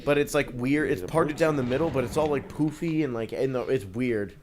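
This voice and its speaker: A man's voice: medium pitch, fairly quick, background noise. Laughing, joking young man. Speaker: let's play commentator. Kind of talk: casual banter over gameplay.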